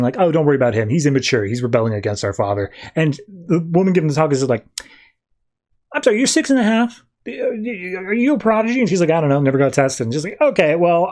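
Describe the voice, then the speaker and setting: A man on a podcast recapping a comic book plot, retelling the scenes in quick, loose quoted back-and-forth with lots of fillers. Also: medium pitch, a little mellow. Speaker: podcast host.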